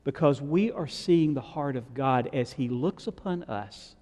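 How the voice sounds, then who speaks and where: A man's voice: mid-range voice, animated, a little slow, few pauses, darkish tone, big-room sound. A man preaching a sermon, retelling scripture in a conversational way and asking the congregation questions. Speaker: pastor. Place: church sanctuary.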